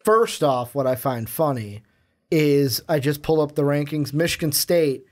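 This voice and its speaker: A man's voice: fairly high pitch, lively intonation, normal speed, darkish tone. A man co-hosting a sports podcast, chatting casually and steering the segment. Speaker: podcast co-host.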